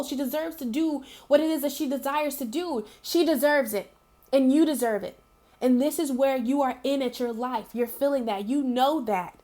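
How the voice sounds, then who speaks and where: Young woman w a high voice talking to her viewers, emotional and rambly, lots of "you know" and "you get what i'm saying". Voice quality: emotional, repeats herself with many fillers. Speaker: spiritual reader. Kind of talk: casual heartfelt talk to camera. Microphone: home video recording.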